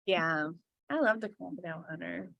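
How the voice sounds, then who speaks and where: A woman's voice: on the low side, lively intonation, normal speed, vocal fry, a bit bright, no room sound, highs cut off. A woman co-hosting a podcast in casual chat, loose and jokey, laughing often. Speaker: podcast co-host.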